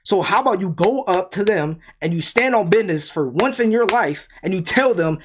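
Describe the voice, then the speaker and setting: A man's voice: high-pitched, expressive, moderate pace, hardly any pauses. A young man telling a story in a casual rant, heated and emphatic, full of rhetorical questions. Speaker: storyteller vlogger.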